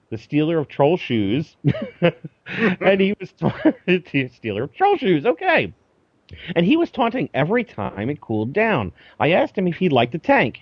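Male podcast host, lively delivery, dry lo-fi mic sound. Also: fairly high pitch, slightly rough, no echo. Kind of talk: casual chat and reading listener email.

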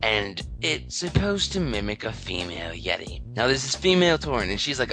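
A man's voice: medium pitch, animated, fairly quick, hardly any pauses, sharp tone, soft background music. A man hosting a podcast segment, telling a comic gaming story and acting out the characters in a self-mocking way.

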